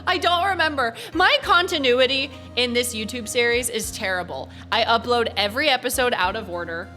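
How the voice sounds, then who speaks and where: A young woman streamer commentating casually on a game, animated and giggly, swearing now and then. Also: fairly high pitch, a little fast, faint music behind. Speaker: gaming streamer. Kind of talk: casual let's-play commentary.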